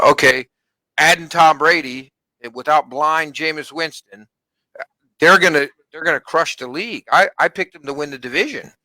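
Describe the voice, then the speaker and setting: A man's voice: on the high side, pushed and bright, no room sound, low-quality recording. A man co-hosting a casual sports talk show, speaking in an emphatic, conversational way. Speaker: podcast co-host.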